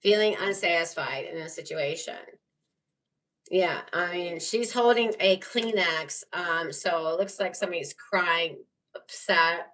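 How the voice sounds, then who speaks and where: A woman's voice: lowish voice, a little slow, fairly bright tone, recorded from a distance, low-quality recording. A woman giving a casual live tarot reading, rambling and chatty with lots of fillers and frequent laughs. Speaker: tarot reader.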